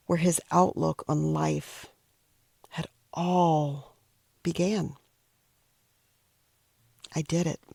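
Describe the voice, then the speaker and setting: A middle-aged woman tells a personal story in a reflective, emotional way. Her voice carries a heavy, gravelly fry. She often pauses and sometimes drops to a near whisper, recorded close and dry. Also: sits low, darkish tone, dry recording. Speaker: podcast host telling a personal story.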